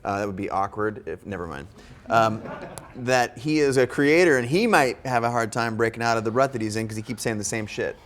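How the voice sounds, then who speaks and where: A man's voice: mid-range voice, a little fast. A man hosting a live studio interview who chimes in playfully and reads out viewer questions. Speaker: show host.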